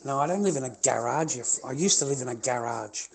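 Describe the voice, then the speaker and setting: A man's voice: mid-range voice, expressive, quick pace. Angry, swearing Australian man ranting. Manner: heated, profane, repetitive, swears constantly. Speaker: livestreamer. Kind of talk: angry livestream rant.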